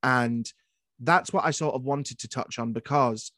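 A man's voice: medium pitch, measured pace, sharp tone, no echo, studio quality. A man hosting a podcast, asking long, winding questions and answering with short agreements. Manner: curious, rambling questions with short agreeing replies. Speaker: podcast host. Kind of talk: casual interview.

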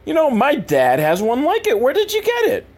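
A man's voice: very high voice, huge pitch swings, normal speed, pitched above the performer's own voice, heavily acted. A man voicing a naive teenage boy in a gang, eager and innocently curious.

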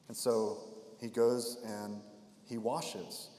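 A man's voice: medium pitch, normal speed, darkish tone. Man preaching in an echoey hall. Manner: conversational, acts out the voices of people in the story. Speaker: pastor. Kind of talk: expository sermon. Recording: echoey hall with long reverb.

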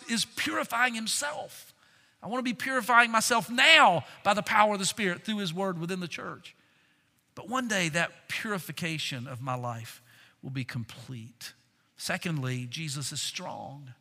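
Speaking in a large hall, this male pastor delivers a confessional sermon that pokes fun at himself, alternating hushed low phrases with loud, emphatic outbursts.

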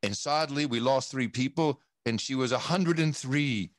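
A man's voice: mid-range voice, normal speed, few pauses, dry recording, studio quality. A man talking in a casual interview, rambling and emphatic, swearing often and restarting his sentences. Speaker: podcast guest. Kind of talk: casual conversation.

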